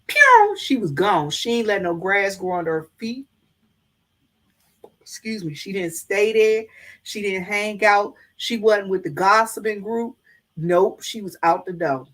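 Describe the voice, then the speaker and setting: A middle-aged woman, chatting casually to her viewers and telling folksy stories. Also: mid-range voice. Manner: folksy storytelling, addresses viewers as y'all. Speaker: vlogger. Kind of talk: casual chat to live viewers.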